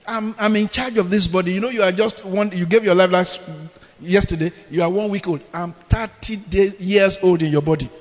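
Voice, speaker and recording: Preacher doing the flesh as a bossy man, dismissive, high voice, long hall reverb. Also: steady tone, normal speed, natural voice.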